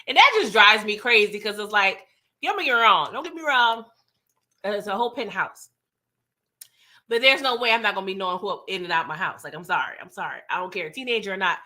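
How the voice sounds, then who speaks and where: A woman's voice: medium pitch, lively intonation, a little fast, bright, forceful tone. A woman recapping a TV episode in casual commentary, chatty and talking straight to her viewers, often laughing. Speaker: TV recap reviewer.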